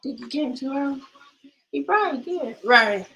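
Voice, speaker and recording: High-voiced woman reading scripture. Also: lively intonation, moderate pace, creaky, a bit bright, a little hiss or hum. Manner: stumbles and restarts while reading aloud; chatty, exclaims to live viewers. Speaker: Bible study host. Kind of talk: scripture reading with casual commentary.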